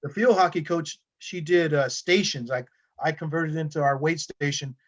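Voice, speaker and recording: A male high school wrestling coach, a podcast guest, telling stories in a loose, rambling way full of fillers and restarts. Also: normal speed. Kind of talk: casual conversational storytelling. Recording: dull lo-fi sound.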